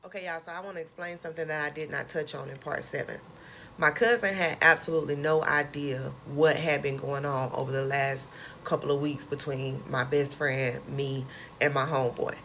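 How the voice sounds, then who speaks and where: A young woman with a deep voice speaks at normal speed in a casual storytime vlog, slight background noise behind her. She recounts her own survival story animatedly and expressively, full of dialect and slang.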